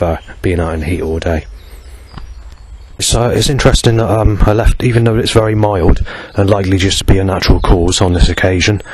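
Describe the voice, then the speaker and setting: A man's voice: deep voice, a little hiss or hum. A man vlogging in a rambling, hesitant monologue, full of fillers and restarts.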